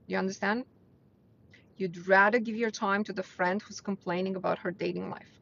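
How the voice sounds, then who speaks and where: A woman's voice: medium pitch, fairly even intonation, normal speed, gravelly, fairly bright tone. A woman hosting a live mindset talk, speaking bluntly and earnestly to her viewers and pushing her voice up to stress a point. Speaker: host of a weekly live mindset stream. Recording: dull lo-fi livestream audio.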